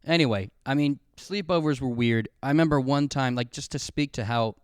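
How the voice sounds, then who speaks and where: A man's voice: medium pitch, brisk, smooth, dry recording, clean studio sound. A man hosting a casual solo podcast, telling rambling, profane, self-mocking stories. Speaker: podcast host.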